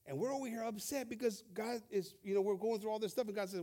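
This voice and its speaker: A male pastor preaching a fervent sermon, stumbling over and repeating words as he builds from quiet reading to loud exhortation. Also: sits high, fast.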